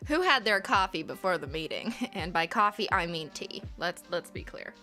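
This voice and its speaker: A woman's voice: mid-range voice, very animated, moderate pace, over music. A woman hosting a casual livestream, reading out chat messages with playful, giggly, mock-corporate banter.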